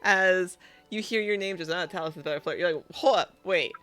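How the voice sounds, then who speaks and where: Soft-spoken game master narrating. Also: mid-range voice, brisk, smooth.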